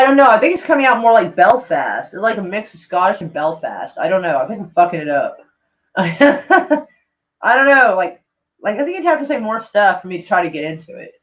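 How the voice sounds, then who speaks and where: A woman's voice: mid-range voice, lo-fi sound. A woman live-streaming in a casual chat, reading tweets aloud to her viewers, swearing freely and laughing often.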